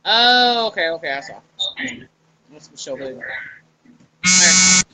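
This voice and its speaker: A woman's voice: on the low side, animated, moderate pace, pushed and bright, a little hiss or hum, poor audio. A woman author chatting casually with fans on a live stream from her phone, laughing often and swearing freely.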